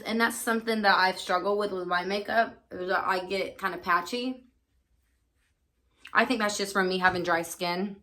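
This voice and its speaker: A woman's voice: medium pitch, fairly even intonation, moderate pace, bright, forceful tone. A woman beauty vlogger chatting casually and candidly through her makeup routine, with lots of fillers. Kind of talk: casual get-ready-with-me chat.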